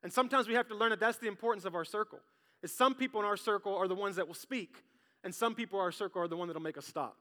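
A man preaching a sermon as pastor, lively and joking, talking straight to his congregation. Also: high voice, rapid-fire. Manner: lively, jokey, talks straight to the crowd. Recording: long hall reverb.

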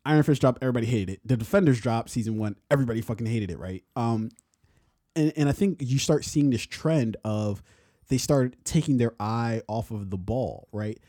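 A man's voice: mid-range voice, fairly quick, dark tone, no room sound, studio quality. A man co-hosting a podcast in casual, profane chat, rambling and laughing often. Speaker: podcast co-host.

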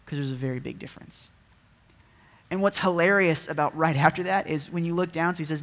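A man's voice: fairly high pitch, fairly quick, a bit bright. A man preaching a casual, conversational sermon, often asking his listeners rhetorical questions. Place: church hall. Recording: echoey hall with long reverb.

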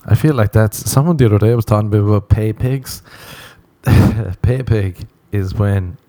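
A man's voice: fairly low pitch, unhurried, warm tone, no room sound. A young Irish man telling crude, self-mocking comic stories and laughing at his own jokes. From Ireland. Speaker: comedian. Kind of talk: comedic monologue.

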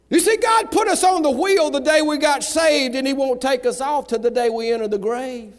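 A man from the American South preaching a fiery revival sermon in a folksy manner, swinging between shouts and hushed asides, in a church. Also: very high voice, animated, brisk, few pauses. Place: church sanctuary. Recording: long reverb of a large hall.

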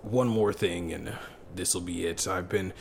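Low-voiced man as a laid-back game master, room noise behind. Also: creaky. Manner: loose, halting narration with many fillers. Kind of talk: narrating a tabletop game.

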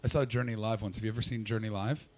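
A man's voice: fairly low pitch, steady tone, fast talker. A man doing stand-up, brashly and profanely teasing the audience in crowd work. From not from Britain. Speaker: stand-up comedian.

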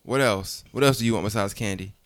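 A man's voice: lowish voice, fast. A young father hosting a casual family vlog at home, teasing and joking with his kids in a rambling, playful way. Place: home, indoors.

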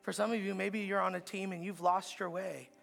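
A pastor preaching a sermon in a church, with an earnest, repetitive cadence that builds to emphatic peaks. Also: male voice, high-pitched, steady tone, brisk, creaky, a bit bright, faint music behind. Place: church auditorium.

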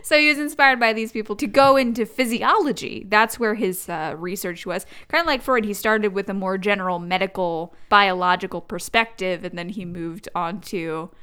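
Chatty woman with a smooth voice. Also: medium pitch, moderate pace, hardly any pauses, bright, forceful tone. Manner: chatty, laughs often, jokey asides. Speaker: podcast co-host. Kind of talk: casual chat.

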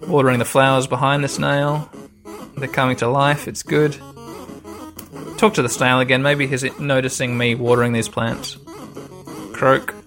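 A man's voice: mid-range voice, fairly bright tone. A man casually commenting on a video game as he plays, rambling and swearing freely. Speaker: gamer. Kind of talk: casual let's-play commentary.

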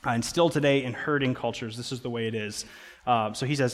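A man's voice: mid-range voice, fairly quick. A man, a pastor, preaching a sermon in a casual, conversational way with playful asides. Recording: long reverb of a large hall.

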